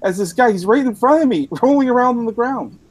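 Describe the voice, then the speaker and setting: A man's voice: extremely high pitch, expressive, quick pace. A drunk Canadian man rambling through a profane story on a casual podcast, laughing at himself as he goes. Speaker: podcast host.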